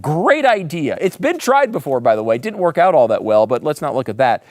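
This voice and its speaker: A man's voice: on the high side, fairly quick, hardly any pauses, no echo, clean studio sound. A man hosting a political commentary show, talking in a sarcastic, mocking, emphatic way. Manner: emphatic, lively delivery. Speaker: host.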